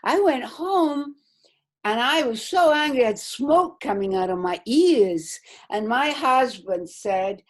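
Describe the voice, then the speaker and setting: A woman's voice: on the high side, slow. A middle-aged woman telling a motivational business story on a remote call, acting out the voices of the people she quotes. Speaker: business speaker.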